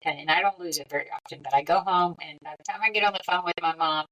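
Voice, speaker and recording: A middle-aged woman, a podcast guest, telling a personal story in a lively, conversational way. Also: fairly low pitch, fast talker, distant mic, dull audio. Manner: lively, conversational, with frequent quoted dialogue.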